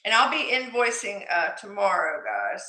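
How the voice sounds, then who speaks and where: A woman's voice: medium pitch, very animated, moderate pace, vocal fry, bright, forceful tone, echoey room. A woman hosting a live jewelry sale stream, chatty and affectionate with her viewers, calling them sweetie. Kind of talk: live-stream selling chat.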